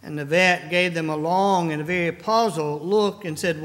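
A male pastor delivering a sermon in a slow, earnest manner, repeating key phrases for emphasis. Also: on the high side, fairly even intonation, a bit bright, big-room sound. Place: large church sanctuary.

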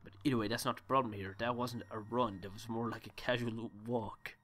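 A man's voice: mid-range voice, steady tone, brisk, fairly bright tone. A man giving joking, rambling commentary while playing a horror game, talking to himself. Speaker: let's play gamer. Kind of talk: gameplay commentary.

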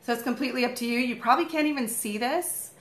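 A woman in her thirties doing a casual live makeup tutorial at home, chatty and rambling, with a morning voice and frequent throat-clearing. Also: fairly high pitch, quick pace, fairly bright tone, echoey room. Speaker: makeup vlogger, live stream host.

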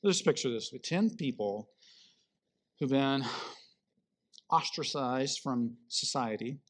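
A man preaching a sermon, telling a Bible story in an animated way and acting out the people in it. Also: mid-range voice, slow. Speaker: pastor.

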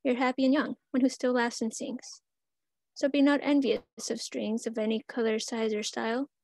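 A woman voicing a gentle, wise mother who consoles her young daughter in rhymed verse. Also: fairly high pitch, level tone, normal speed, creaky, no room sound. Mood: consoling.

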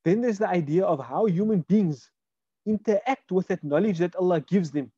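A man's voice: sits high, normal speed, warm tone, breathy edge, dry recording, lo-fi sound. A man teaching a Quran Arabic lesson online, explaining word by word and asking his students questions. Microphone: video call.

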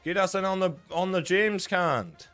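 A man's voice: high-pitched, normal speed, a bit bright, soft background music. A young man with a New Zealand accent, chatting casually and swearing often while he live-streams slots and answers his chat. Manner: swears a lot, banters with chat. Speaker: gambling streamer.

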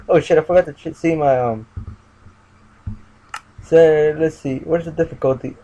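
A man's voice: on the high side, steady tone, normal speed, pauses often, mellow. A man giving casual gameplay commentary, muttering to himself and chanting sing-song refrains. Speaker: gamer. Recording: dull lo-fi mic with light noise.

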